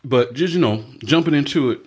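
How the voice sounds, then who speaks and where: A man's voice: mid-range voice, a little fast, slightly rough, faint music behind. A man hosting a podcast in casual chat, rambling with many fillers and laughing often. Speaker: podcast host.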